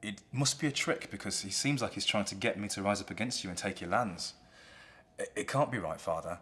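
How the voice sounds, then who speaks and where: A man voicing a cunning illegitimate young nobleman who fakes concern, smooth and sly. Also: lowish voice, brisk, a bit bright, natural voice.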